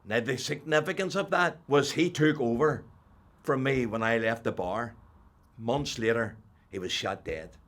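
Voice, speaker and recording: Older man, Northern Irish accent, faith testimony, lively storytelling, soft and loud by turns. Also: mid-range voice, measured pace. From Northern Ireland. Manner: animated storyteller, swings from hushed to loud. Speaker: testimony speaker.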